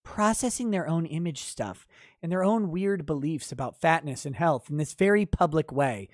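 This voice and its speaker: A man's voice: on the high side, lively intonation, moderate pace, no echo, clean studio sound. A man hosting a casual livestream, reading chat messages and mocking an article with sardonic, profane commentary. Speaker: livestream host.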